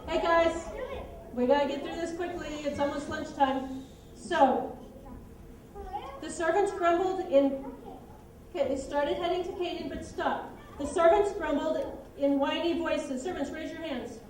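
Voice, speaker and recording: A woman teaching children, narrating a Bible story and directing kids through a skit in a lively, brisk way. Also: high-pitched, slight background noise. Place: church room with children. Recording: echoey room, distant mic.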